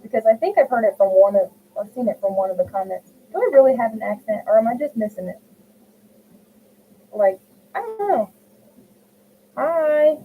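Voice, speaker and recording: A woman's voice: a little high, expressive, fast, few pauses. Middle-aged lady crocheting and rambling to her chat, tinny phone sound, bit of hiss. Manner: chatty, rambling, talks to viewers by name. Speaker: crochet livestream host. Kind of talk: casual chat while crocheting, reading live comments.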